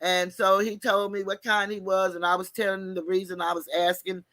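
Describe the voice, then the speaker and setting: A woman telling a story in an animated, folksy way, mixing slang and cussing. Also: mid-range voice, brisk, dry recording. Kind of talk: casual storytelling.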